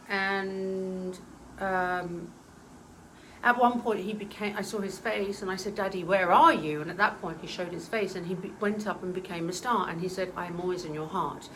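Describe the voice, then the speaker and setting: A woman in her forties recounts a personal story with earnest feeling. Her voice sits at an ordinary middle pitch, and she halts now and then with soft fillers. A faint hiss of noise runs under the recording. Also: poor audio. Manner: earnest, emotional, halting with fillers.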